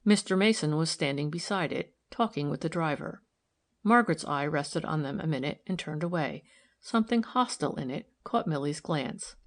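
A woman narrating a classic novel in a steady, measured way. Her voice sits on the lower side for a woman. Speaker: audiobook reader. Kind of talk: scripted narration.

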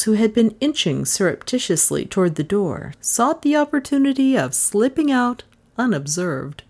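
A woman reading a novel aloud in measured, dramatic narration. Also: mid-range voice, a little mellow. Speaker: audiobook narrator. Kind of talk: scripted narration.

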